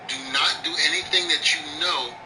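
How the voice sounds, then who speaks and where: A man's voice: fairly high pitch, a little fast. A man telling a backstage story in casual style, acting out the voices of others in the story. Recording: roomy, distant audio with loud noise.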